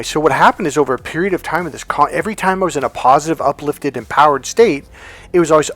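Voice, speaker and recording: A man's voice: on the high side, quick pace, fairly bright tone, faint music behind. A man who coaches on relationships, giving a blunt, emphatic vlog rant and swearing freely.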